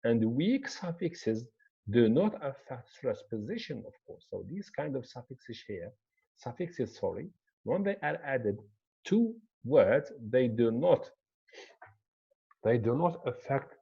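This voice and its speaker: A man teaching English word stress in a slow, repetitive lecture, pointing things out as he explains. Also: medium pitch, very animated, vocal fry, mellow, breathy edge, dull audio. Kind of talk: classroom lecture.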